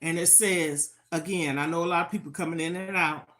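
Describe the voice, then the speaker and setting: A woman's voice: on the low side, fairly quick, few pauses, fairly bright tone. Frank older woman talking to viewers. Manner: frank, preachy, repeats "okay?" often. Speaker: livestream host. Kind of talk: casual livestream talk to viewers.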